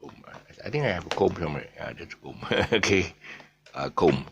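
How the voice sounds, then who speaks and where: A middle-aged man with a Malaysian English accent gives a casual pronunciation lesson. His voice is very deep and gravelly, and his pitch swings widely as he repeats example words in a chatty, easygoing way. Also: lively intonation, a little fast, noisy background.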